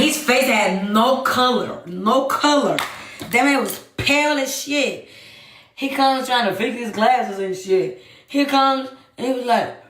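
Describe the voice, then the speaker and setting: A young woman telling a story on a live stream, animated and profane, often calling out to her chat. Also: a little high, echoey room. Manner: animated, swears freely, keeps addressing the chat. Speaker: livestream host.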